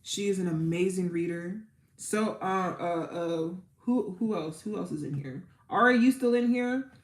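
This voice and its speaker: A woman tarot reader talks to her viewers in a loose, chatty way and often repeats her words. Her voice sits a bit low, and the room gives it a noticeable echo. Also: unhurried. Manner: warm, chatty, repeats herself, near tears at times. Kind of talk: casual livestream chat and spoken prayer. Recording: roomy echo.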